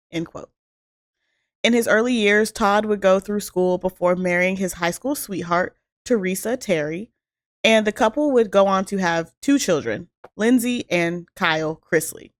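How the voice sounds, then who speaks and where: A woman's voice: mid-range voice, dry recording, clean studio sound. A woman from the American South with a Southern accent, co-hosting a casual podcast and telling the story with lots of laughs. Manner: giggly, animated storyteller. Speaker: podcast co-host.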